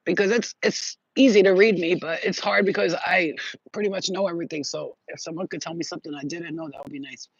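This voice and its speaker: A woman's voice: fairly low pitch, fairly even intonation, quick pace, breathy edge, no echo. A woman psychic reader hosting a casual livestream, talking brashly with plenty of swearing and laughter. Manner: brash and profane, laughing often. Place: at home. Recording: dull lo-fi sound.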